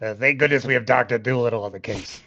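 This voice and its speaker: A man's voice: mid-range voice, quick pace, sharp tone, dry recording. A man playing a tabletop game who cracks jokes, laughs often and calls the others brother. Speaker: player. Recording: dull dry lo-fi audio.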